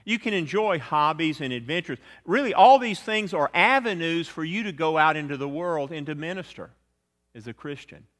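A man preaching a sermon, earnest, rising loud on some phrases and dropping low and quiet on others. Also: expressive, normal speed, in a large hall. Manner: earnest, swells louder then drops low and quiet.

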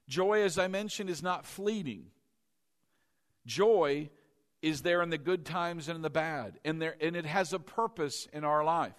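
Male pastor preaching with a high, very expressive voice, calls for congregation replies. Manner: animated, shifts between loud exclamations and soft teaching. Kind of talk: sermon.

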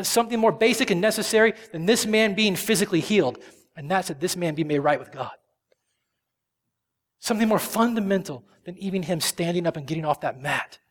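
A male pastor preaching a sermon with passion, swinging from loud emphasis to hushed whispers. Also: high-pitched, long reverb tail.

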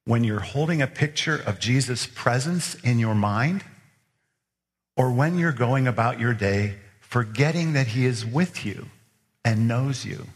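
This sermon comes from a pastor whose mid-range voice moves a little slowly. Again and again he earnestly questions his listeners, and a large hall gives the recording long reverb.

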